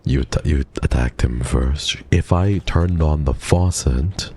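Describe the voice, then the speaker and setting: His voice is extremely low, warm and slightly rough, and he talks at a slow pace. The man is live-streaming a horror game, playfully chatting with viewers, jumpy and talkative, whispering whenever he's frightened.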